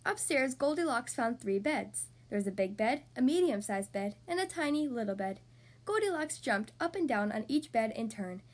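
Woman, storybook reading for kids, high voice, very lively delivery. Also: moderate pace. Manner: expressive, animated. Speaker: podcast host reading to children.

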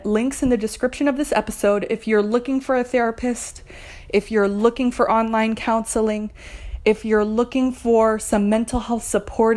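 Young woman, podcast host, slightly high voice; candid, encouraging, personal. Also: a little mellow. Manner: earnest, encouraging, candid with light laughs. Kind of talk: personal mental health podcast talk.

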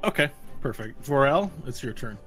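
A man running a tabletop game as game master, narrating in a rambling, animated way with restarts. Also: medium pitch, normal speed, soft background music, poor audio.

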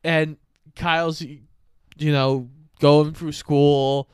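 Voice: medium pitch, little pitch movement, extremely slow, clean tone, no room sound. A podcast co-host chatting casually about a movie, adding dry, joking remarks. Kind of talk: casual movie recap chat.

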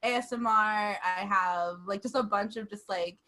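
A woman's voice: medium pitch, normal speed, pushed and bright. A woman in casual chat, talking with lots of fillers and frequent giggles.

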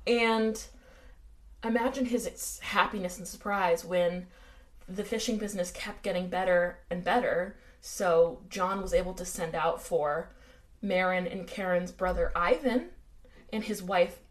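A woman's voice: lowish voice, unhurried. An American woman co-hosting a true-crime podcast in casual chat, with dry sarcastic asides. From United States. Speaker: podcast co-host.

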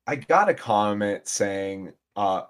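A young man on a podcast trades sarcastic jabs and cursing rants. His voice sits somewhat low. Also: lively intonation, takes it slowly, clean tone. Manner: sarcastic, swearing, mock rants. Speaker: podcast co-host. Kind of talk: casual review chat.

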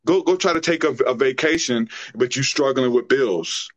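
A man's voice: medium pitch, normal speed. A man speaking as a podcast guest, preaching in a fervent, emotional way during a spiritual conversation. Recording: dull lo-fi sound.

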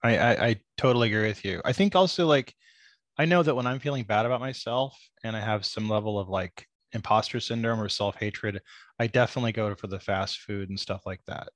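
A man's voice: lowish voice, fairly quick, a bit bright, no room sound. A man hosting a podcast in casual conversation, agreeable and reflective, often affirming his guest. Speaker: podcast host.

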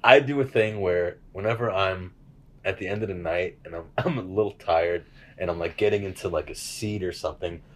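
A man's voice: low voice, brisk, a bit bright. A man hosting a casual podcast chat, rambling, swearing freely and laughing as he tells stories. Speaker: podcast host.

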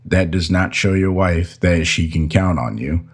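A man's voice: sits low, measured pace. A man hosting a podcast, giving earnest, preachy advice in a casual way. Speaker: podcast host.

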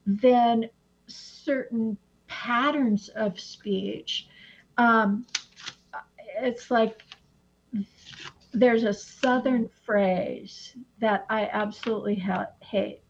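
A woman who teaches astrology, chatting in an animated way and often acting out little quotes. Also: fairly high pitch, very slow, creaky, long pauses, slight background noise. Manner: animated, slips into acted-out quotes. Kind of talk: casual conversation. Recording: dull lo-fi sound.

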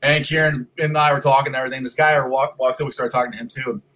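A middle-aged man hosting a casual sports talk show from his son's house, excited and rambling, with loud greetings. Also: medium pitch, rapid-fire.

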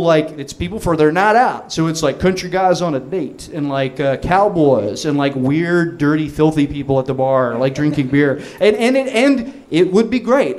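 A man telling a comic personal story, rambling and animated, with lots of restarts and fillers. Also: on the high side.

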